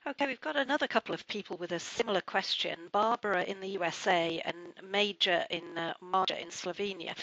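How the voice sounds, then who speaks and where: A woman's voice: mid-range voice, bright, forceful tone, dry recording, lo-fi sound. A woman moderating a live talk, steadily reading listener questions aloud.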